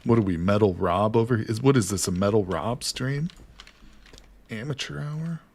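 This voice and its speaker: A man's voice: on the low side, animated, normal speed, a little mellow. An American man live-streaming a game, chatting casually with viewers and teasing them, cursing now and then. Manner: joking, teasing, swears casually.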